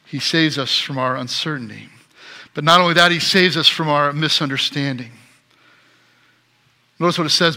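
A middle-aged man preaching a sermon as pastor, swinging between loud emphatic passages and soft quiet ones. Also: on the high side, steady tone, normal speed, pauses often.

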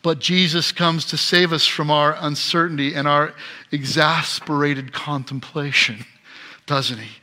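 Man preaching, middle-aged, very bright voice, slightly high, emphatic then hushed. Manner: animated preaching, swings from loud emphatic to soft. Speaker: pastor. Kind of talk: sermon.

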